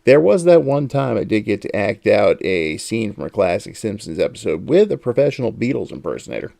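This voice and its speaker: A man's voice: lowish voice, big pitch swings, brisk, vocal fry, mellow, no room sound, clean studio sound. A man hosting a casual podcast chat, telling anecdotes and laughing often. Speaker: podcast host.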